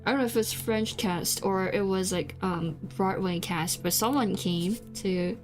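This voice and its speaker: A young woman, a Korean-native VTuber from South Korea, rambles through a casual stream chat, hesitating and restarting with many fillers. Her mid-range voice is unhurried, and faint background music can be heard.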